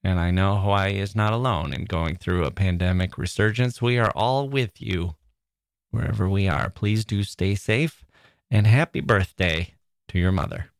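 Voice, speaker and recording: A man's voice: low-pitched, moderate pace, creaky, no echo, studio quality. Wry, reflective male podcast host. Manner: reflective, wry, chuckling now and then. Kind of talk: conversational literary podcast hosting.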